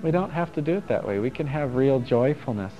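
A man's voice: medium pitch, lively intonation, brisk. Frank, chuckling man teaching a workshop. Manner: frank and playful, swears and chuckles often. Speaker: self-help workshop teacher. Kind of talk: casual workshop talk to a group. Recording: dull lo-fi recording with faint music.

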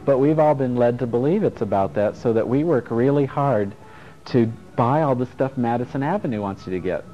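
A man's voice: medium pitch, a little fast. Middle-aged male workshop teacher, frank, loose, swears easily, dull lo-fi sound with faint music behind. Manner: frank and playful, swears and chuckles often. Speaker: self-help workshop teacher. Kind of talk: casual workshop talk to a group.

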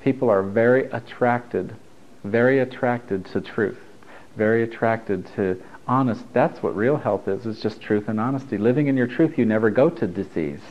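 A man's voice: mid-range voice, normal speed, lo-fi sound. A man giving a loose, conversational spiritual talk to a group, laughing and swearing freely as he teaches.

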